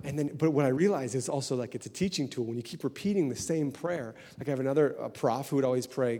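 Animated man preaching in a reverberant hall. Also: medium pitch, fast talker. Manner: animated, conversational preaching with laughter and repetition. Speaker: pastor. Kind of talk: sermon.

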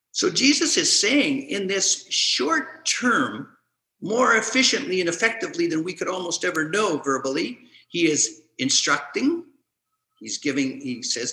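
A man preaching a sermon, reading scripture aloud in a measured, deliberate way with dramatic swings between loud and hushed. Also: sits high, very animated, gravelly, echoey room, rough recording. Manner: slow, measured delivery with dramatic shifts in loudness.

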